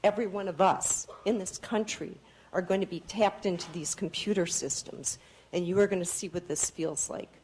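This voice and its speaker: A woman's voice: lowish voice, fairly even intonation, normal speed, a little mellow, slight background noise, rough recording. A woman giving public testimony at a hearing, speaking earnestly and pleading, and she sounds tired. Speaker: public commenter.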